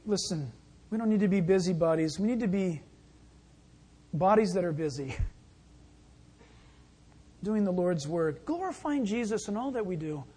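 A man's voice: high voice, lively intonation, measured pace, pauses often, mellow, husky. A male pastor preaching a sermon in a folksy, conversational way, with acted asides.

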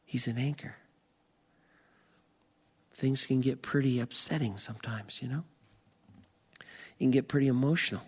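A pastor preaching a sermon, slow and emphatic, building to rising declarations. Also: male voice, mid-range voice, breathy edge, in a large hall.

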